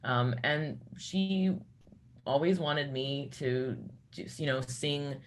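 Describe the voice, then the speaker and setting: A woman who sings in a metal band, speaking in a casual interview and telling a personal story haltingly, with many restarts. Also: sits low, slight background noise.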